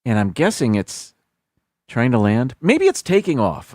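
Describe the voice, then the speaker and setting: A man's voice: mid-range voice, sing-song, unhurried, darkish tone, no room sound, clean studio sound. A man hosting a casual live stream, thinking aloud and reading out viewers' guesses.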